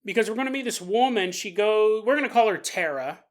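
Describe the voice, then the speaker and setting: A woman's voice: mid-range voice, animated, fairly quick. A woman hosting a podcast, telling a paranormal story in a chatty, joking way and acting out the people in it. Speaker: podcast host. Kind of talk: casual paranormal story narration.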